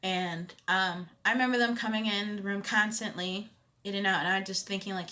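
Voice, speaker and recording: A young woman in her twenties telling a personal story in a casual vlog, expressive and conversational, with loud emphatic bursts. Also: mid-range voice, a little fast. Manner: animated storytelling with frequent "you know what I'm saying". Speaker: vlogger.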